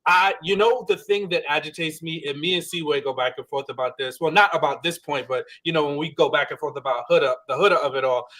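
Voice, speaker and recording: Male podcast co-host, casual recap talk, animated, slightly high voice. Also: fast talker, hardly any pauses. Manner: chatty, animated, acts out quoted lines. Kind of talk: casual reality-show recap.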